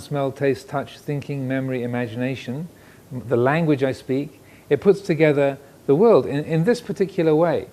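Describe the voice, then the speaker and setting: Man, buddhist monk, dharma talk, soft mellow tone, slightly high voice, thoughtful pauses. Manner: reflective, pausing, asks questions. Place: indoor room with air conditioner. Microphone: filmed by cameras.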